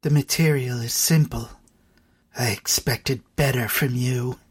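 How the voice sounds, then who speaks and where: A narrator playing a stern, heartless mother who speaks coldly and crisply in an audiobook. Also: medium pitch, fairly even intonation, a little slow. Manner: stern, icy, clipped. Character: cold, cruel mother in gray robes.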